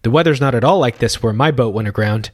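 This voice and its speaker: A bright, eager young boy castaway, raised a little higher and earnest in his telling, as a male storyteller puts him on. The sound is close and dry, with no room around it. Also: quick pace, no echo, lightly acted.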